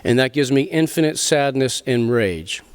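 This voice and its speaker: A middle-aged man, speaking to a literary festival audience in an animated, emphatic way, often restarting his sentences and swearing casually. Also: mid-range voice, moderate pace, clean tone. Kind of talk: animated talk and Q&A. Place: festival venue before an audience.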